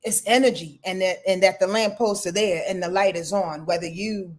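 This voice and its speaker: A woman guest on a podcast, explaining her topic in a casual, animated way with plenty of fillers. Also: medium pitch, normal speed. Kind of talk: casual interview talk.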